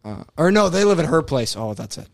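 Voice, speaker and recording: A man co-hosting a podcast who teases his partner with quick jabs and asides. His voice sits a little high for a man, recorded dry and close to the mic. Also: sing-song, creaky, no room sound. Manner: teasing, quick interjections. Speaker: podcast co-host. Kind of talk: casual comedic banter.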